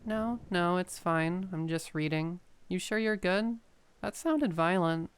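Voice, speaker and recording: Brief: soft-spoken friendly young neighbor woman, played by a woman, low voice and very clean tone. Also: takes it slowly, smooth, no room sound.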